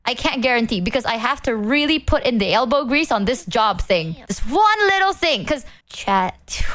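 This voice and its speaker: A woman's voice: fairly high pitch, a bit bright. A woman VTuber chatting casually to her stream, rambling and swearing freely. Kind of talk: casual live-stream chat.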